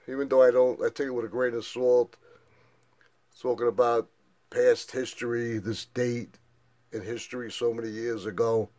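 A man's voice: medium pitch, a little mellow. A middle-aged man giving a casual vlog monologue, emphatic and insistent, retelling his arguments with rising intensity. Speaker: vlogger.

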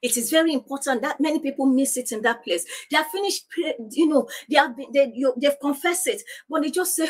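A woman's voice: high voice, fairly quick, few pauses. A woman pastor preaching on divine healing, insistent and repeating declarations, praying aloud. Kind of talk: sermon teaching on divine healing.

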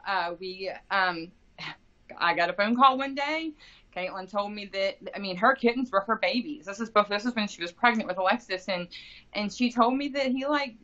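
Bright-voiced mother telling a painful story. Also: a little high. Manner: rambling, many fillers and restarts. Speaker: interview guest, grieving mother. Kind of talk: emotional personal account. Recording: dull lo-fi podcast audio.

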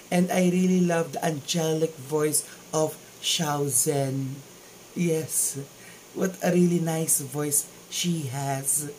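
A man's voice: on the high side, darkish tone, slight background noise, rough recording. A man with a Filipino accent hosting a casual reaction video, gushing with exclamations of amazement. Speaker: YouTube reaction vlogger.

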